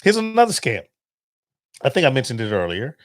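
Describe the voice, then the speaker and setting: A podcast host delivers a casual monologue, animatedly telling stories with laughs and acting out phone calls. His medium-pitched voice runs a little fast, and the studio-quality recording has no room sound.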